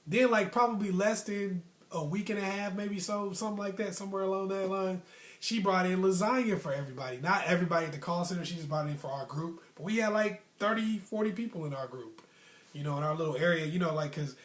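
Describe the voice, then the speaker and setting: Slangy man telling a story, roomy. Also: on the high side. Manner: relaxed, slangy, rambling asides. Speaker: storyteller host. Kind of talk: casual storytelling. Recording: roomy echo.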